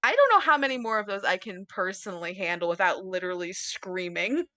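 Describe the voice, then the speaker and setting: A woman's voice: medium pitch, lively intonation, brisk, sharp tone. A woman co-hosting a podcast, chatting casually about books in a rambling, giggly way with lots of fillers. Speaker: podcast co-host.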